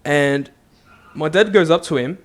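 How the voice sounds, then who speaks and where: A young man, a co-host, telling an animated story in casual chat. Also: fairly high pitch. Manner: animated storyteller, does quick voices in quotes. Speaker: podcast co-host.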